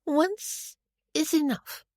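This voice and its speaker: A woman reading a small, stubborn little girl in a storybook, with a slow childlike lilt. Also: sits high, a little mellow, no echo, studio quality, pitched above the performer's own voice. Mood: sulky.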